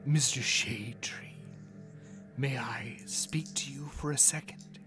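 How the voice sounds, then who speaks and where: A creepy, unseen presence lurking in a shadowed hallway, as a man whispers it in a tabletop game. The voice stays hushed and breathy, low and soft, a slow, sinister whispered role-play. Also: over music, natural voice.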